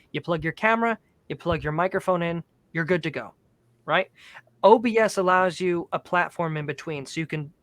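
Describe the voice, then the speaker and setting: A talkative man with a voice sitting a little high for a man. He explains things eagerly in a relaxed interview, and the sound is close and dry with no room echo. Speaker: professional Santa performer and guest. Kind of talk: casual interview chat. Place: home studio decorated with Christmas trees.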